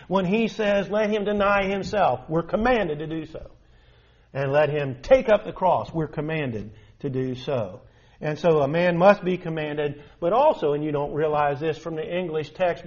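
A man preaching a sermon, earnest and emphatic, repeating points for stress. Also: sits high. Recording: dull lo-fi recording.

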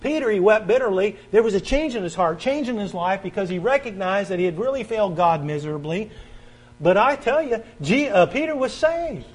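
A man preaching a sermon, reading scripture aloud and swinging from forceful stresses to quiet, earnest stretches. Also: lively intonation, fairly quick, rough recording. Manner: emphatic, swings between loud stresses and quiet earnest lows; reads scripture aloud and invites the congregation to turn pages.

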